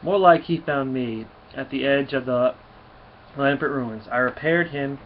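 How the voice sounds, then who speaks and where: A man's voice: medium pitch, a little slow, muffled recording, a little hiss or hum, lightly acted. A man reading as a scheming old villain scientist. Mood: bitter. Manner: read aloud from a comic, lightly voiced. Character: scheming older male villain scientist, indignant.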